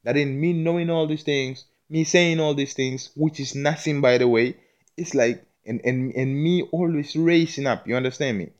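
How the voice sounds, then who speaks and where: A man's voice: on the high side, moderate pace, lo-fi sound. A man in a casual spiritual monologue, rambling, repeating words, and swearing as he affirms himself and keeps asking if you understand him. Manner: self-affirming, preachy, often asks "you understand me?".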